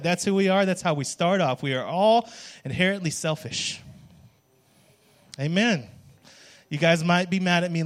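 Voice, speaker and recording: A man's voice: high-pitched, unhurried, long pauses. A worship pastor, a man, preaching a jokey, conversational sermon and often checking in with "right?". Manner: conversational, keeps asking "right?"; jokey, calls on the congregation.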